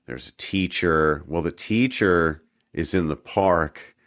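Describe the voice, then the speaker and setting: A man's voice: low-pitched, slow pace, a bit bright, dry recording, clean studio sound. A man co-hosting a podcast, chatting casually and joking, rambling with restarts and self-corrections. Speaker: podcast co-host. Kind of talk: casual chat.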